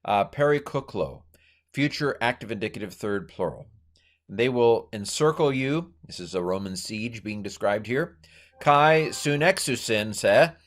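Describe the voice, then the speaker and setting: Low-voiced man thinking aloud through a lesson. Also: expressive. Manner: thinks aloud, halting with many fillers and self-corrections; playful asides and silly voices for grammar. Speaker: Greek teacher. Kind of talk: informal Bible language lesson.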